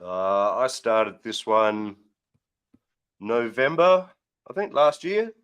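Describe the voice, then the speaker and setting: A man's voice: on the low side, sing-song, slow, a bit bright, clear, resonant tone. An Australian man hosting a casual mail-opening livestream, easygoing and full of local slang. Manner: easygoing, uses Aussie slang like mate and reckon. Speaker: host of an RC mail-opening show.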